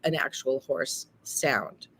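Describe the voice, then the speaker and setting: A middle-aged woman, an actress and teacher, telling lively stories in a casual interview and acting out what others said. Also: very deep voice, takes it slowly, a little hiss or hum. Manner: lively storytelling, quotes others in acted voices.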